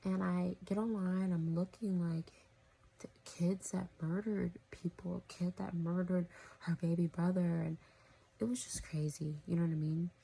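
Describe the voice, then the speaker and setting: Woman vlogger, low husky gravelly voice, flat delivery, rambling, drifts into whispers. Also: moderate pace. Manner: rambling, full of "you know" and "like", often drops to a whisper. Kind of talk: casual storytelling to camera.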